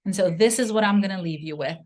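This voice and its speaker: A woman giving an earnest motivational sales pitch to camera, speaking directly to the viewer and telling personal stories. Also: fast, a little mellow. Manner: earnest, direct, story-driven persuasion. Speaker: sales presenter.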